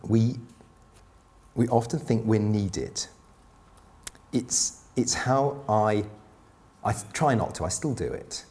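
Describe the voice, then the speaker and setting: A middle-aged man preaching in a relaxed, chatty sermon style. His voice sits low and sounds warm and mellow. He drops in asides and plays the odd line for laughs. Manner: conversational, self-deprecating, quick asides and laughs.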